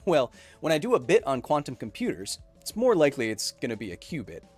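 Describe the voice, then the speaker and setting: Jokey guy streaming, pitch bouncing all over, faint music under him, lots of ums. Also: fast, breathy edge. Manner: animated and jokey, with many ums and playful outbursts. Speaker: podcast host answering live chat. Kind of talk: casual live-stream chat.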